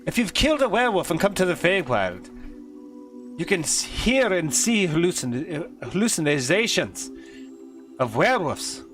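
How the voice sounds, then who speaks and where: A man running a tabletop game as game master, narrating with an animated, joking manner. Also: sits high, normal speed, soft background music. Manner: animated, laughs and swears casually.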